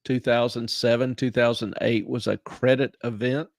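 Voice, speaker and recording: A male host with a gravelly edge to his voice talks through finance on a live stream, sounding dry and close to the mic. He teases his co-host with deadpan humour, then slows down to explain terms carefully. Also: medium pitch, dry recording. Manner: dry, teasing banter, then slow explaining.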